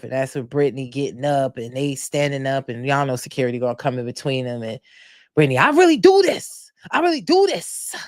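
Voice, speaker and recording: A woman hosting a casual reality TV recap, animated, laughing and loudly mimicking cast members. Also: rumbling low, smooth, dry recording, studio quality. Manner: animated storytelling with frequent laughs and loud mock-quotes. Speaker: podcast host recapping reality TV.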